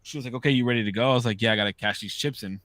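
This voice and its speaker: Bright-voiced man telling stories loosely. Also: mid-range voice, very fast, no room sound. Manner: loose, profane storytelling. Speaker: podcast host. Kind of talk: casual chat.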